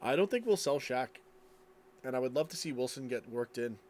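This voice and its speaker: A man's voice: medium pitch, animated, brisk, a little mellow, slight background noise. Sleepy rambling man streaming late. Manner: rambling, tired, trailing off. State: sleepy, yawning. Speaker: streamer reading live chat. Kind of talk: late-night casual live stream chat.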